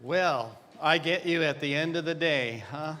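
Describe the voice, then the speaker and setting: A man's voice: on the high side, a little slow, sharp tone. An older man from Canada giving a joking dental radiology lecture, wry and self-mocking, chatting with the audience. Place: large conference hall. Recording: reverberant conference hall.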